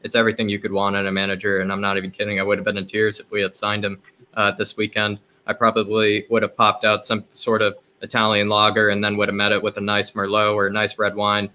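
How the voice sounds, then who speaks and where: A man with a low, flat voice and a bright, tense edge speaks as a guest on a casual fan stream. He plays up his feelings in a melodramatic, self-mocking way. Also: fast. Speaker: guest panelist. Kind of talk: casual live-stream chat.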